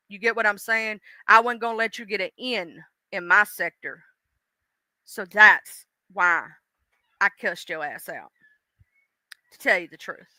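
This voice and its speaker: A woman's voice: mid-range voice, pushed and bright, no echo. A woman with a Southern US accent, hosting a casual livestream, talking bluntly with plenty of cussing while telling her viewers she loves them. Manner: blunt and profane, affectionate toward viewers. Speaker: livestream host.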